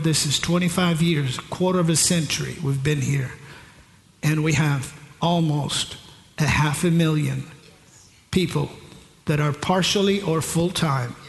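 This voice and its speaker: Slow gravelly man preaching in an echoey hall. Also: a little high. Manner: preaching with rhetorical call-and-response questions. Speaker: pastor. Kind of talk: sermon. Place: large church hall. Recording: echoey hall with long reverb.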